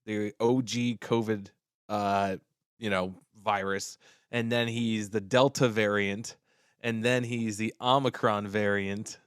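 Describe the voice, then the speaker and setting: A man's voice: on the low side, slow pace, smooth, dry recording, studio quality. A man co-hosting a podcast in casual chat, telling stories animatedly and laughing often. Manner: animated storyteller, acts out bits with laughter. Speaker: podcast co-host.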